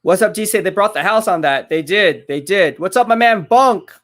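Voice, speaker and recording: A man streams a football watch party live, getting worked up over plays, chatting with his audience and circling back to the same points. His voice sits high, at a normal speed.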